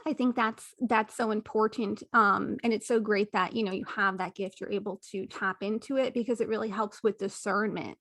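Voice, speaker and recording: A woman's voice: mid-range voice, fairly even intonation, normal speed, few pauses, fairly bright tone, dry recording, clean studio sound. A woman hosting an interview podcast, affirming her guest and reflecting aloud as she works through her thoughts. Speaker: podcast host. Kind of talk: casual interview conversation.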